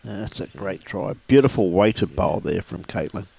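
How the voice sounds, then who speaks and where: Matey bowls commentator, lowish voice. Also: male voice, expressive, a little slow, creaky, darkish tone, slightly rough. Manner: jokey, matey banter with frequent laughs. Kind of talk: live sports commentary.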